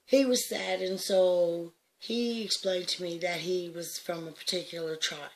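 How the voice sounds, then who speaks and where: Emphatic low-voiced woman telling a story. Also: steady tone, a little slow, a little hiss or hum. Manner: emphatic, laughs often, swings from hushed to loud. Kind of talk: animated personal storytelling.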